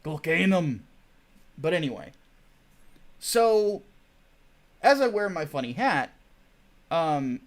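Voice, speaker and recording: A man hosting a livestream, ranting casually and wandering off on tangents while swearing freely. His fairly high voice swings up and down with animated emphasis. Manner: profane, digressive, chatty. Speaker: host.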